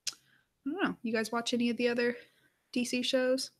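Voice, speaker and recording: A woman hosting a live aftershow, chatting casually and reading viewer comments aloud, with lots of "like" fillers and quiet murmured asides. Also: on the high side, flat delivery, moderate pace. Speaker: aftershow host.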